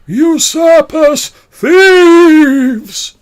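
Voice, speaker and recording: A man voicing a mournful bodiless male spirit who shrieks accusations in long, drawn-out cries. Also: very high-pitched, voice pushed up, full character voice. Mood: mournful fury.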